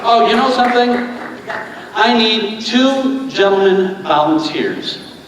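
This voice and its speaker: A man's voice: high voice, animated, slow pace, fairly bright tone. A man performing as a stage magician, chatting and joking with volunteers in front of a live audience. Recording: echoey theater hall from far off, audience noise.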